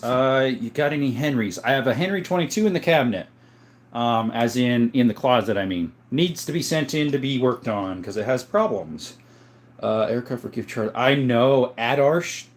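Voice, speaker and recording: A man in his thirties from the US, chatting casually on a livestream, reading viewer comments and answering in a folksy, relaxed way. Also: medium pitch, moderate pace. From USA. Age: 30s. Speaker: gun collector livestreaming.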